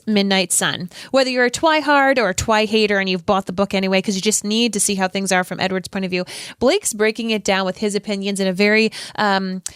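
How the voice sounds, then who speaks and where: A woman's voice: medium pitch, smooth, dry recording, clean studio sound. A woman co-hosting a podcast in casual chat, upbeat as she reads out plugs. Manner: upbeat, promo-style plugs. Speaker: podcast co-host.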